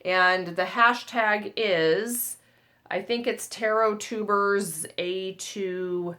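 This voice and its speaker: A woman's voice: mid-range voice, steady tone, drawn-out words, pushed and bright. A woman in her forties from the United States, hosting her own tarot channel and chatting casually to camera. She talks in a chatty, self-mocking way and laughs at herself. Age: 40s.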